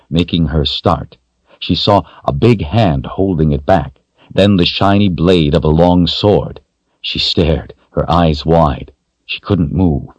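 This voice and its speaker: A man narrating a children's story in a steady, measured storytelling voice. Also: a bass voice, dry recording. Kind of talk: audiobook narration. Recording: dull dry lo-fi recording.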